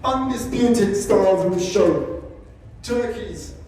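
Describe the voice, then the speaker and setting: A fairly high-voiced man giving a humorous talk, his wry, self-deprecating stories landing between gentler asides. The sound is distant and boomy, as if caught from the back of a large hall, with a long reverb tail and a faint noise floor. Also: slow pace. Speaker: sanctuary founder giving a talk.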